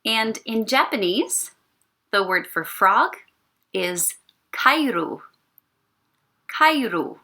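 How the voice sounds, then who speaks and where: A woman leads a music lesson for young children, drawing out her words at an easy, unhurried pace. Her pitch swoops up and down in a lively, sing-song way, and she breaks into playful sound effects as she guides the class. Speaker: elementary music teacher.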